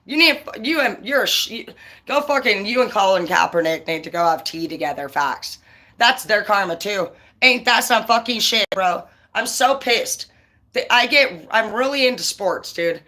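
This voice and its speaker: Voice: medium pitch, animated, moderate pace, pushed and bright. A tarot reader on a casual live stream who swears constantly and talks in a blunt, heated rant. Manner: profane, heated and ranting; blunt and confrontational.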